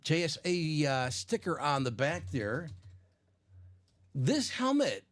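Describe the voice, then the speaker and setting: A man with a Chicago accent hosting a live sports card break, chatty and animated, laughing often. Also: a little high, takes it slowly. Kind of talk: casual live-stream chat.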